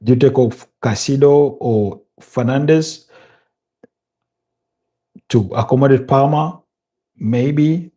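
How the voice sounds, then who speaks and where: Yawning and weary, this Ugandan man talks his way through a live football match with viewers, hesitating and repeating words as he thinks aloud. He speaks slowly in a warm, mid-range voice, pausing often.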